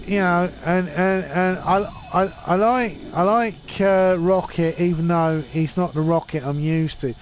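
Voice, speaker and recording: A man's voice: high voice, measured pace, hardly any pauses. A drunk man in his forties rambling and swearing while streaming a game. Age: 40s.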